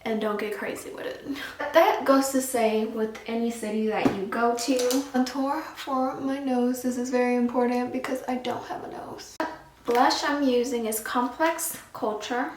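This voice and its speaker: High-voiced chatty woman, echoey room. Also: steady tone, moderate pace, far from the mic, noisy background. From Houston, Texas. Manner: chatty, sassy asides. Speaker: makeup vlogger. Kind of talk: casual makeup tutorial chat.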